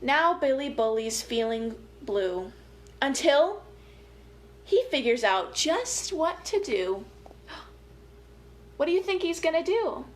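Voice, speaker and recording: A young woman family educator reading a picture book aloud to children, with gentle, playful, chatty asides to her young listeners. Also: high-pitched, big pitch swings, slow pace, pauses often.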